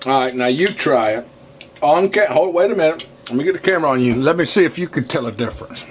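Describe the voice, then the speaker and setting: A man's voice: on the high side, animated, fast talker, a little hiss or hum. A man hosting a casual home cooking vlog in his kitchen, talking to his viewers in a folksy way while losing his voice. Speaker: cooking channel host.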